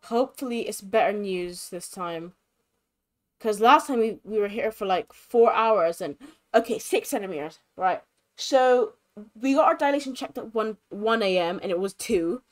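A young woman giving casual, chatty commentary on a life-simulation game, expressive and sympathetic. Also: mid-range voice, moderate pace. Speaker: gaming creator.

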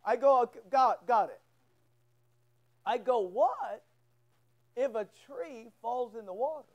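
A man's voice: extremely high pitch, slow, highs cut off. A male pastor preaching a sermon in church, telling a folksy story and acting out both sides of a conversation. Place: church sanctuary.

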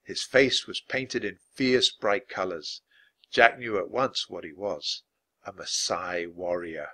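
A man narrating a children's storybook aloud in an expressive, animated way. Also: sits low, slow pace, husky. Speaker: dad reading aloud.

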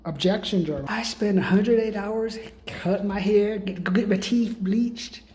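A man with a darkish tone and measured pace performs a comedic rant as a self-styled sales guru. A hard-sell pitchman, he rambles profanely in streetwise slang while pushing his pricey programs.

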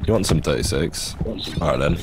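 A man's voice: a bass voice, animated, a little fast. A man streaming a game, taunting other players with cocky trash talk and laughing often. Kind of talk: trash-talking gaming commentary. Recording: loud game noise under voice.

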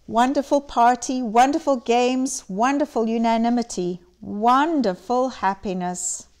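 A woman giving an expressive, measured dramatic reading of a classic story. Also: fairly high pitch. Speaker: reader.

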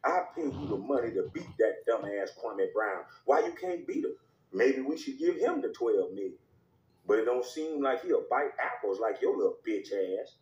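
A man's voice: medium pitch, sing-song, moderate pace, darkish tone, roomy sound, highs cut off, pitched below the performer's own voice, lightly acted. A man voicing a domineering male network boss who scolds and barks orders in a comedy skit. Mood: threatening. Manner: scolding, barking orders, profane.

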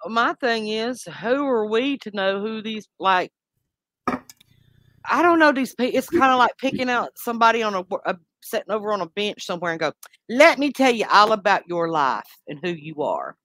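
A woman co-hosts a heated live-stream commentary, adding sarcastic, drawn-out agreement. Her bright, sharp voice moves widely in pitch, and the recording is dry and close. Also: animated, no echo. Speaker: co-host.

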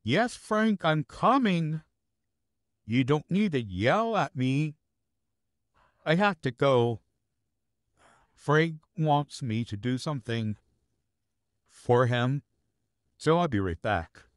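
Man doing a playful vampire neighbor who flirts and teases; unhurried, drawn-out lines, dry close mic. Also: fairly high pitch, lively intonation, no echo. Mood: teasing. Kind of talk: listener role-play audio.

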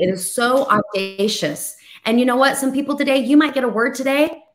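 A woman in her thirties or forties, a ministry leader and co-host, preaches over a video call in a slightly high voice. She is animated and tells many stories, acting out the voices of those she quotes.

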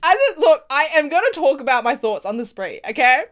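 A woman giving casual reaction commentary, excitable and swearing freely, with frequent laughter. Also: high-pitched, fairly quick, slight background noise. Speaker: video reactor.

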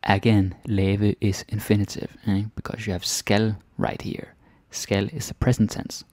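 A man with a Danish accent teaching Danish grammar in English, chatty, with "ikke?" tags and sudden soft whispers. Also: on the low side, flat delivery, a little slow, no room sound. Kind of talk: explaining grammar to learners.

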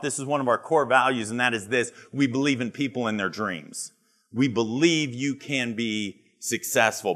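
At a live conference retreat, a middle-aged man with a sharp, medium-pitched voice delivers a motivational keynote. He tells humorous stories and acts out the dialogue.

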